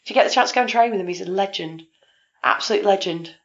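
A woman's voice: mid-range voice, quick pace. Woman host in her forties, outer London accent, teasing and chatty, dull lo-fi recording. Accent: southern English, outer London. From England. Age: 40s. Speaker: podcast host. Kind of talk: casual podcast chat. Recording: dull lo-fi sound.

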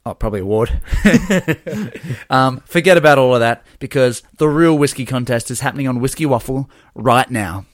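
A man co-hosting a casual podcast, playful and quick with jokey asides. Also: mid-range voice, expressive, no room sound, studio quality. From Tasmania, Australia. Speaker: podcast co-host.

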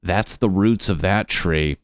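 A man with a deep, low voice rambles through a profane, mocking rant on his own show. The sound is dry and close, with almost no room around it. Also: slow, clear, resonant tone, no room sound. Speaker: podcast host. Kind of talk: casual comedic rant.

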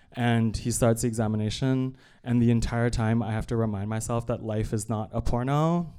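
A man's voice: medium pitch, a little mellow, clear, resonant tone. A man doing live comic storytelling on stage, chatty and self-deprecating with lots of asides and fillers. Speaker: stand-up comedian. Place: live evening show on stage.

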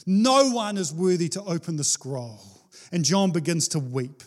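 High-voiced man preaching a lively sermon. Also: measured pace. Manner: animated, playful, acts out quoted voices with laughs.

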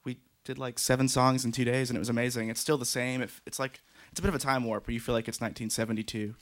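A man's voice: mid-range voice, little pitch movement, very fast. A man, a musician guest in a radio studio, telling things in a dry, matter-of-fact way.

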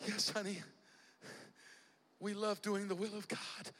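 A man's voice: high voice, flat delivery, slow, fairly bright tone, heavily acted. A man voicing a grieving young mother. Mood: tender. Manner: tender, then sobbing and wailing. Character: grieving young mother giving up her son.

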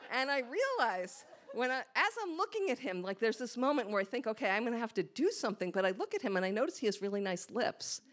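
A woman's voice: on the high side, big pitch swings, fast talker, few pauses, fairly bright tone. A woman telling a candid, self-mocking personal story on stage before a live audience, acting out her own thoughts as she goes. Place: small hall with a live audience.

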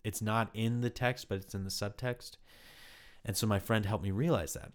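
A man's voice: lowish voice, steady tone, normal speed. A man, an actor, telling a personal story in a casual interview, candid and rambling with lots of "like" fillers.

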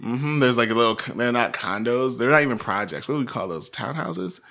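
A man co-hosting a casual talk show, rambling and animated with many fillers. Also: mid-range voice, a little fast, gravelly. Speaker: podcast co-host. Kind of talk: casual chat.

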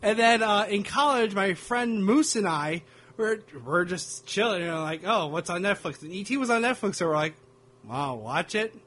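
A man's voice: sits high, expressive, moderate pace, a bit bright. A man co-hosting a casual film chat, frank and laid-back, hedging his opinions. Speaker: podcast co-host.

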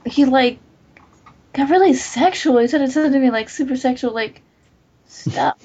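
A woman's voice: high voice, unhurried, husky. A woman telling stories in a casual group chat, swearing freely and filling her talk with "like". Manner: profane, animated storytelling with lots of "like". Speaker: podcast host. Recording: lo-fi muffled recording.

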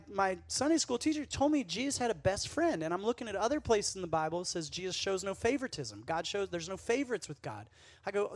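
A man giving a casual, conversational sermon at a youth camp, playful and quick to act out the lines he quotes. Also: high-pitched, big pitch swings, no room sound.

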